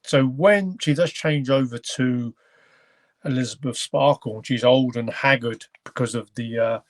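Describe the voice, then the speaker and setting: A man's voice: medium pitch, unhurried, no room sound. A man hosting a casual film review chat. He rambles and often stops to search for words. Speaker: podcast host.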